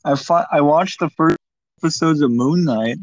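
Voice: mid-range voice, normal speed, no room sound, highs cut off. A young adult podcast co-host in casual chat, laid-back and laughing often.

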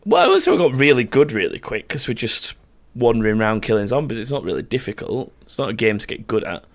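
Young dude on a podcast, rambling, laughing a lot, swears casually, normal mid pitch. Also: male voice, sing-song, quick pace. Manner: rambling, laughing storyteller who swears freely. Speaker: podcast host. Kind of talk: casual chat.

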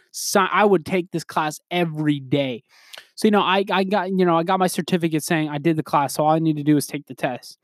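A man's voice: fairly high pitch, dry recording, studio quality. Young man, rambling podcast chat. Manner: rambling, laughing, quoting others in put-on voices. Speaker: podcast host. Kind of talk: casual solo podcast chat.

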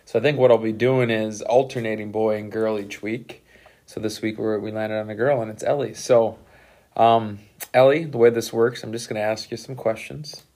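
Low-pitched male teacher, casual interviewer, relaxed and encouraging, filler words. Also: moderate pace. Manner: relaxed, encouraging, many fillers like "you know" and "right". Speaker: teacher and podcast host.

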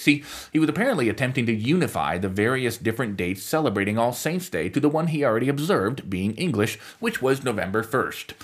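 A man's voice: medium pitch, slightly rough. A man hosting a podcast, delivering scripted commentary with wry, sarcastic asides. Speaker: podcast host.

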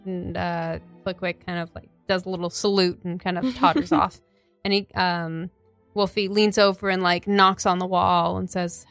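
A woman's voice: on the low side, steady tone, moderate pace, a bit bright, no room sound, faint music behind. A woman running a tabletop role-playing game as game master, narrating hesitantly with many fillers. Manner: hesitant, full of fillers, laughing easily.

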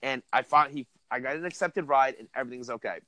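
A young man telling a wild story in casual chat, animated and profane, laughing as he goes. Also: mid-range voice, fast, no echo. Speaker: podcast host telling a story.

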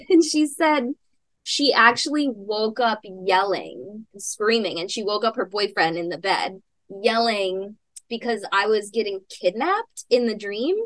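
A woman's voice: medium pitch, expressive, slow, fairly bright tone, no echo. A young woman podcast host telling a personal story in casual chat, rambling with lots of fillers and little laughs.

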